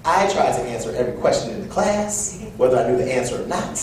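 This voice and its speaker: A young man giving a personal storytelling speech at an event, animated and acting out quoted voices. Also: fast. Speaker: event speaker. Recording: echoey room from far off with low rumble.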